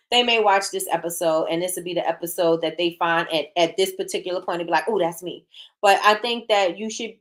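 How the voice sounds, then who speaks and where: A woman hosting a casual talk show who gives frank opinions, reads out and answers viewer comments, and repeats her points for emphasis. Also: fairly low pitch. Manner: frank and blunt. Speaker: host. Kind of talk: casual opinion talk, reading live chat.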